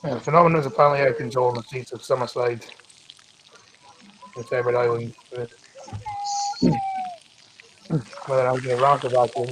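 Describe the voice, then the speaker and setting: A Scottish man casually reading news stories aloud on a stream, stumbling over words and often clearing his throat. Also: mid-range voice, steady tone, a little fast, pauses often, crowd noise, low-quality recording. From Scotland.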